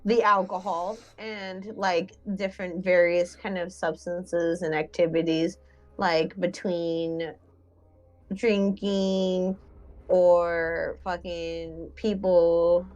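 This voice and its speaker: A woman's voice: fairly low pitch, flat delivery, slow pace, darkish tone, lo-fi sound. Rambling young woman counselor, casual chat. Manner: rambling, lots of fillers, laughs easily. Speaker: mental health counselor and stream host.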